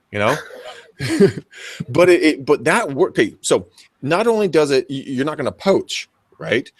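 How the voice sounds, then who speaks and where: A man's voice: medium pitch, big pitch swings, a little slow, dry recording. A man, a real estate agent co-hosting a show, coaching listeners with energy and acting out both sides of conversations with buyers. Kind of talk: energetic coaching talk with acted dialogue.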